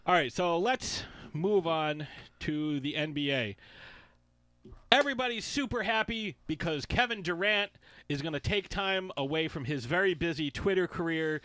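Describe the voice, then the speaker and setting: A man's voice: on the high side, normal speed, bright, forceful tone, dry recording. A man co-hosting a casual sports podcast, ranting and swearing freely, often mimicking heckling fans. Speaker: podcast co-host.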